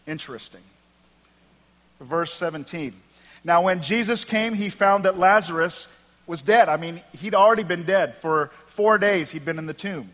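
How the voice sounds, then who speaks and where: A man's voice: sits high, normal speed, fairly bright tone. A man pastor preaching a sermon in a church, reading scripture with emphatic delivery and wry asides. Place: church sanctuary. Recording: long hall reverb.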